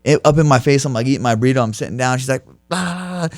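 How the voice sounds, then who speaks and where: A man's voice: medium pitch, fairly even intonation, very fast, no echo, clean studio sound. A young man in his twenties, an interview guest who tells stories with energy and laughs through the punchlines. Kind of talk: casual storytelling interview.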